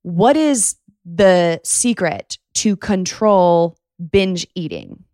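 A woman hosting a casual podcast, enthusiastic and quick to laugh, also reading a sponsor ad. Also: on the low side, lively intonation, mellow, no echo, clean studio sound. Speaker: podcast host. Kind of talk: casual podcast conversation, ad read.

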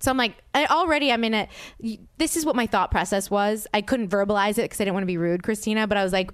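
A young adult woman hosting a casual podcast, telling a story in a lively way and acting out the quotes. Her voice is smooth and clear. It is recorded close and dry. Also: on the low side, fast, no echo. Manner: animated, acts out quotes, swears freely. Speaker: podcast host.

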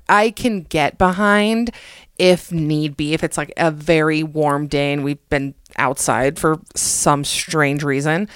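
A woman's voice: low voice, dry recording. Podcast host, young woman from the US, dry close mic, self-deprecating and jokey. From United States. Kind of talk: casual comedic monologue.

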